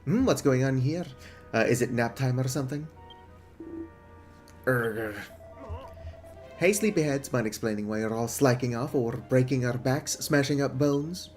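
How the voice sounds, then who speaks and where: A bossy prison guard, as a man reads him out, snapping orders and taunting the inmates. His voice sits at an ordinary middle pitch. Faint music plays under him. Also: measured pace, pauses often, darkish tone, natural voice. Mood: scolding. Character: bossy male prison guard, gruff and scolding.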